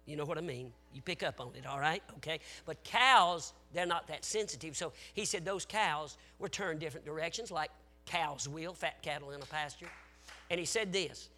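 Forceful, emotional male preacher. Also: on the high side, normal speed. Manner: emotional storytelling, swinging from shouted exhortation to hushed tones; folksy, conversational asides to the congregation. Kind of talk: sermon.

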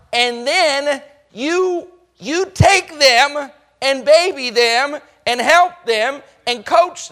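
High bright-voiced preacher. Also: male voice. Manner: folksy storytelling with acted-out voices; emphatic, rises to shouts. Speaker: pastor. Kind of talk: sermon.

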